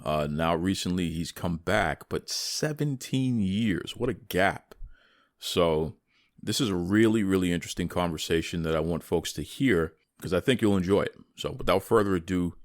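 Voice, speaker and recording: Low-voiced chatty male podcast host. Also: normal speed, dry recording, clean studio sound. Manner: folksy, chatty, repeats words. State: tired morning voice. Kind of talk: casual podcast talk.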